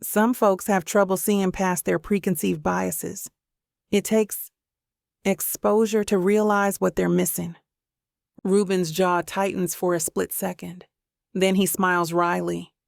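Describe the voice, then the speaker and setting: A woman narrating a first-person romance audiobook in an expressive storytelling manner on a close mic. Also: fairly low pitch, a little slow, gravelly, dry recording.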